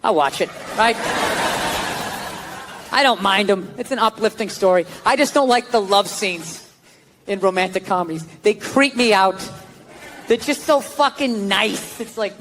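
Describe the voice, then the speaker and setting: An American man in his fifties doing a loud, profane, sarcastic stand-up set on stage in a large hall. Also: sits high. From United States. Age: 50s. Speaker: stand-up comedian. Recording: live stage recording with crowd noise. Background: audience crowd.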